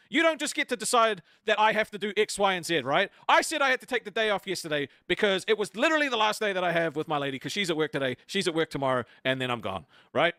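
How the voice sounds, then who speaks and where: A man talks fast and defends himself with plenty of swearing. His voice is high and bright, recorded close and dry with no room sound. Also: expressive, no echo. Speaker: co-host of a stream. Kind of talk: heated argument on stream.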